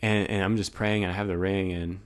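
A man's voice: low-pitched, little pitch movement, brisk. A young man animatedly telling a personal story in casual chat, acting out his own past words.

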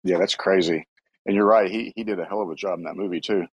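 A man's voice: deep voice, quick pace, muffled recording, a little hiss or hum. A man with a Kentucky accent, calling into a casual live audio chat in an easygoing way. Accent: Southern US, Kentucky. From Kentucky, USA. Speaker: caller.

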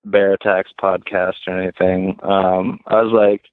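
A man talking as a guest, telling a story casually with many "like"s and lively retellings. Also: low voice, unhurried, no echo. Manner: heavy use of "like", lively retelling. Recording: tinny phone line, dry.

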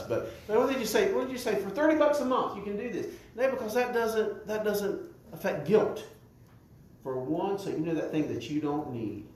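A male pastor preaches in an echoey church. His voice sits high and swings widely as he builds each point, often repeating a word before pressing on. He keeps pulling the congregation in with questions. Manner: animated preaching with call-and-response questions to the congregation. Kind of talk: sermon. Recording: echoey room.

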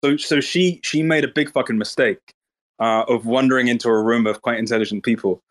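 A man's voice: medium pitch, a little fast. A man in a casual online voice chat, talking bluntly and swearing freely in a mocking way. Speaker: Twitter space speaker.

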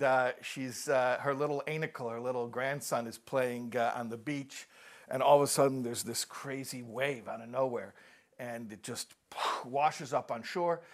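Speaking at normal speed in a medium-pitched voice, a man performs a live talk, telling jokes animatedly and playing the characters himself. He frequently restarts and repeats words.

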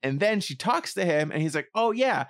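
A man co-hosting a casual podcast, rambling and animated, swearing and acting out quoted lines. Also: fairly high pitch, brisk, no echo, clean studio sound. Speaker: podcast co-host.

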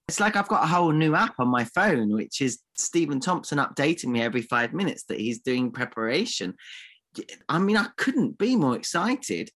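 A man's voice: medium pitch, a bit bright. A man co-hosting a podcast in playful banter, mock-outraged and fond of theatrical, old-fashioned insults. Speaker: podcast co-host.

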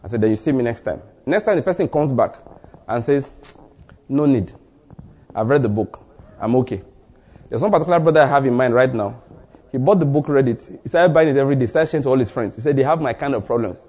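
A man preaching a sermon as pastor, telling stories and acting out short exchanges, with sudden rises in pitch for emphasis. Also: lively intonation, fast talker, a little mellow, breathy edge. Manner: storytelling, acts out dialogue in asides.

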